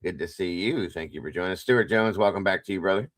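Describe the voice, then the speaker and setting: A man's voice: deep voice, fast talker, fairly bright tone, no echo, studio quality. A man hosting a casual livestream, greeting viewers one by one by name with playful sing-song asides. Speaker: livestream host.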